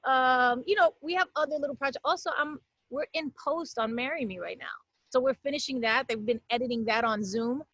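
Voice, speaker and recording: A woman guest tells stories over a video call from home, laughing often as she goes. Her voice sits fairly high. The sound is dry and a bit muffled, like a lo-fi call. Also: a little fast, no room sound. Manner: animated storyteller, laughs often. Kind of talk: casual talk show chat.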